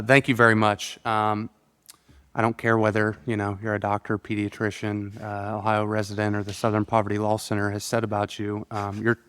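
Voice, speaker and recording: A man serving as a legislator, questioning a witness at a committee hearing in a halting way, with many fillers and restarts. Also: on the low side, clean tone. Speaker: state legislator asking questions. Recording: long reverb of a hearing room.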